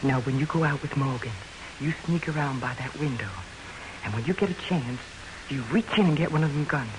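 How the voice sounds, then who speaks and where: This deep-voiced actress delivers her frontier widow brisk and lightly acted, with noise behind her. The old radio role is a protective mother, blunt and determined, issuing threats and commands in 1940s style.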